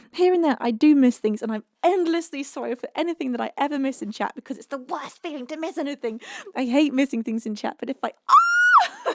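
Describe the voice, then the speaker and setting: A young woman, a singer-songwriter streaming live, gushing through thank-yous to her chat with frequent laughs and soft whispered asides. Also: sits high, no echo, clean studio sound. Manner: gushing, emotional, laughs often, drops to a whisper. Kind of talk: chatty livestream thank-yous.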